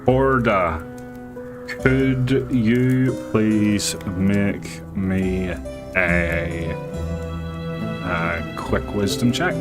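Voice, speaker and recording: Brief: male game master, low voice, unhurried and halting delivery, faint music behind. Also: steady tone. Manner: halting, with many fillers and restarts. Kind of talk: narrating a live tabletop game.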